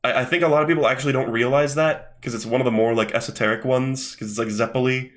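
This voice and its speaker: A man's voice: medium pitch, fairly even intonation, fast. A young man hosting a casual commentary while skimming a manga, swearing often and rambling with lots of fillers. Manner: profane, rambling, with many fillers. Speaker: host.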